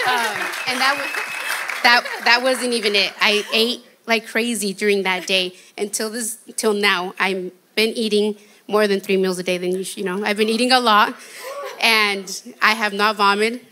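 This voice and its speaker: A woman shares her personal testimony in a crisp, bright voice. She sounds shy and earnest. Her telling is halting and conversational, with small restarts. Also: mid-range voice, steady tone, a faint crowd, a little hiss or hum. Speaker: testimony guest.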